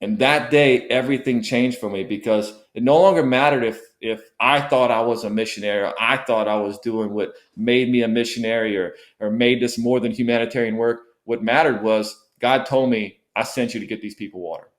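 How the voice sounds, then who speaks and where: A man's voice: medium pitch, fairly even intonation, moderate pace, few pauses. Earnest middle-aged man telling his story. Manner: earnest and emotional, often repeats words. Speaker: missionary guest. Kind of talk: storytelling in a podcast interview.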